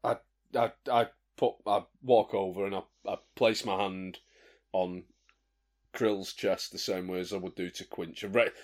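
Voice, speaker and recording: Guy playing a tabletop game, lowish voice, keeps restarting his words. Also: husky. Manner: stammering restarts while narrating actions. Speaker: player. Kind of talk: casual tabletop game play.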